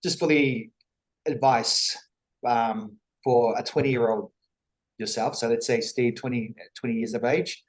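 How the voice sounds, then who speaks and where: A man's voice: medium pitch, fairly even intonation, measured pace, low-quality recording. A man hosting a podcast, asking questions in an enthusiastic, somewhat hesitant way. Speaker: podcast host. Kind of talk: podcast interview.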